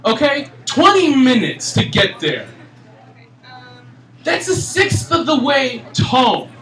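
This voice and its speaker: A young man from Michigan in his twenties doing a stand-up comedy set, ranting in an exasperated, animated way. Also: very high-pitched, slow. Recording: echoey room, mic at a distance.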